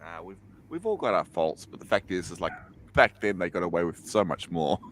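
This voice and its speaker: A man's voice: sits low, sing-song, fairly quick, a bit bright, a little hiss or hum. A man in casual group chat, telling stories animatedly and laughing often. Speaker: chat participant.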